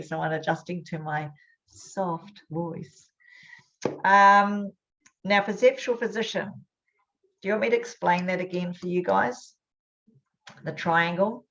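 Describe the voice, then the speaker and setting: A woman hosting a webinar as a hypnosis trainer, talking in an upbeat, chatty way. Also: lowish voice. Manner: upbeat, chatty, quick bursts. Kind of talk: casual webinar talk. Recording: dull lo-fi webinar audio.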